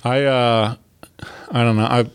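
A man in casual chat who speaks haltingly with many pauses and fillers. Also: medium pitch, steady tone, clean tone, no echo.

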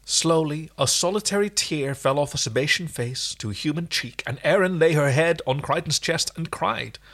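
A man's voice: fairly high pitch, normal speed, fairly bright tone. A man co-hosting a casual chat, reading fiction aloud with wry, teasing asides. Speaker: podcast co-host reading fan fiction.

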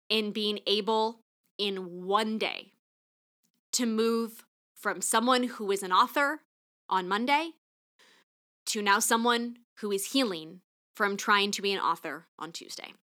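A woman's voice: mid-range voice, bright, forceful tone. A woman podcast host in her thirties telling a painful personal story in an earnest, pointed monologue.

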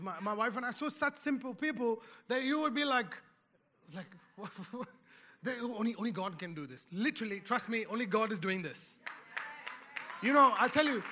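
A man's voice: high voice, bright, forceful tone, a little hiss or hum. A man preaching a sermon in a church, in a conversational way with laughing asides, rising to emphatic exhortation. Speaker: pastor.

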